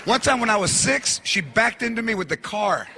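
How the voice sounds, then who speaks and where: High, gravelly shouting comedian. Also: male voice, normal speed. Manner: shouting, animated storytelling. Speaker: stand-up comedian. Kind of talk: stand-up comedy. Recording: live stage, loud crowd, noisy.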